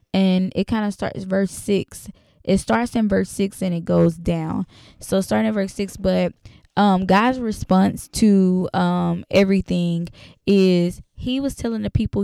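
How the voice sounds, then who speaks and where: Casual woman Bible teacher, gravelly yet smooth voice, chatty delivery. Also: medium pitch, mellow, dry recording, clean studio sound. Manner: conversational, many fillers, reads scripture aloud.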